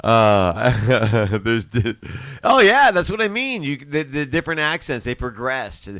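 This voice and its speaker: A man's voice: medium pitch, big pitch swings, a little slow, a bit bright, dry recording. A middle-aged man hosting a livestream from a studio, chatting casually and laughing often, with some swearing. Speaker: livestream host. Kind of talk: casual chat.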